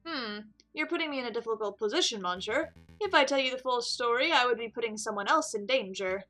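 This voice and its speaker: A woman's voice: on the high side, animated, brisk, pushed and bright, faint music behind. A woman voicing a suave man who poses as a prince, telling his story in a theatrical way. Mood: storytelling. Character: suave male French con artist prince.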